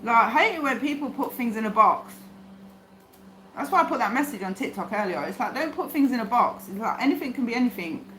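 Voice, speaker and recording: A woman's voice: on the high side, animated, fairly quick, sharp tone, slight background noise. A woman reading tarot on a livestream, talking bluntly and swearing as she rambles to herself. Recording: echoey room with faint ambience.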